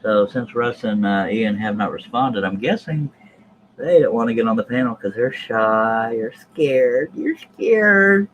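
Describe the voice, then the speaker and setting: Man, low voice, folksy and jokey, live stream host, faint background noise. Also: moderate pace, dull audio. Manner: folksy, jokey, addresses chat viewers. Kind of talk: casual live stream chat.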